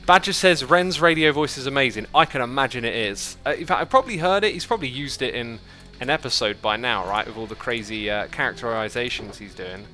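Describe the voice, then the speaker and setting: Bright-voiced man chatting on a livestream. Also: medium pitch, lively intonation, brisk, few pauses, soft background music. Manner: chatty, thinks aloud, reads out chat messages. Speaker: livestream host. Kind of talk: casual chat while playing a building game.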